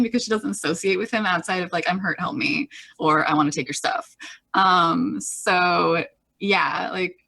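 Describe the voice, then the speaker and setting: A woman's voice: fairly low pitch, sharp tone. A woman playing in a tabletop game, hesitant and thinking aloud. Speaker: player. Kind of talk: tabletop role-play.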